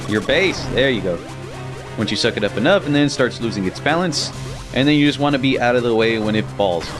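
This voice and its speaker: Brief: young guy, lively swearing let's play voice, game music underneath. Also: medium pitch, poor audio. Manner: loose, profane, laughing asides. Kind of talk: casual gameplay commentary.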